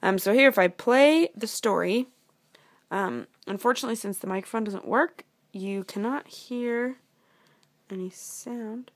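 A woman's voice: fairly high pitch, unhurried. Teacher lady explaining an app, lots of ums, normal voice. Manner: casual, filler-heavy explaining. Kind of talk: app tutorial.

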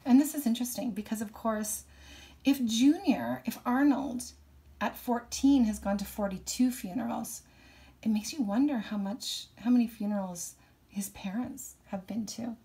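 A woman's voice: fairly high pitch, normal speed, dark tone. A woman reading a novel aloud and explaining it thoughtfully between passages.

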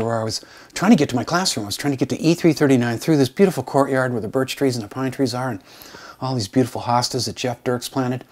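A male college composition instructor telling a personal story to his class in a casual recorded video lesson. He talks conversationally and acts out quoted lines. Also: medium pitch. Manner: drops to a soft, hushed tone for the sad parts.

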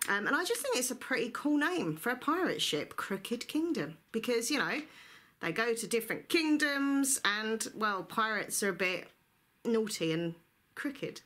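A woman's voice: fairly high pitch, very animated, measured pace, fairly bright tone. A woman chatting to camera about books in a bubbly, chatty way, with frequent laughter. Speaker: book vlogger. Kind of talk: casual chat to camera.

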